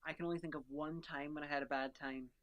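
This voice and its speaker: A woman's voice: low voice, quick pace. A woman co-hosting a podcast, chatting casually and recounting a border crossing. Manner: relaxed, conversational, recounts exchanges with officials. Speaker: podcast co-host. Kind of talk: casual chat.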